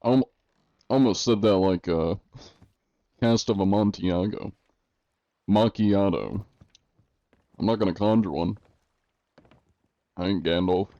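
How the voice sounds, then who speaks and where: A man's voice: low-pitched, moderate pace, long pauses, warm tone, dry recording, lo-fi sound. A man streaming live, chatting casually with his viewers and answering them with dry jokes. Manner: dry, joking, answers chat. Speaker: game streamer.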